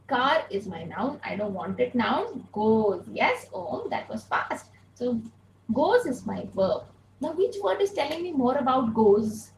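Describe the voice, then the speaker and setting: A woman's voice: on the high side, vocal fry, echoey room, slight background noise, low-quality recording. A woman teaching an online grammar lesson, patiently repeating key points and asking rhetorical questions, speaking through an earphone mic. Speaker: English teacher.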